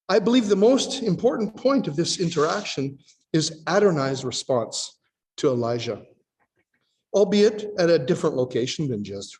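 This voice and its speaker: A man's voice: a little high, darkish tone, in a large hall. A man preaching a sermon, teaching in a conversational tone as he reads scripture aloud and acts out voices.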